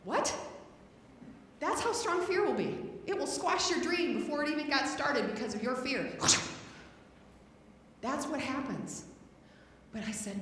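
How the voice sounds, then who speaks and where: A woman spiritual director, giving a humorous sermon and acting out her own scared voice and loud outbursts. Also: high-pitched, lively intonation, unhurried, pauses often, slight background noise. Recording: roomy hall, voice from a distance.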